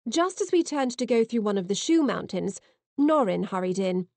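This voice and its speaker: A woman narrating an audiobook in first person with lively, expressive reading, on a close mic. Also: medium pitch, normal speed, no echo.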